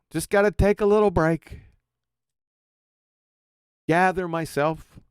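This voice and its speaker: Loud, high-voiced, mocking male streamer. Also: fairly even intonation, slow pace, clean tone, no echo, studio quality. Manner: mocking, crude, shouting in outbursts. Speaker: livestream host. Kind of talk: profane livestream commentary.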